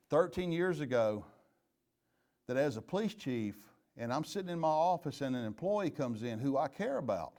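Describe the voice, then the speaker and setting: A middle-aged man, a retired police chief, gives a leadership training talk, telling stories in an earnest, candid way with plain, folksy phrasing. His voice sits on the high side with a darkish tone.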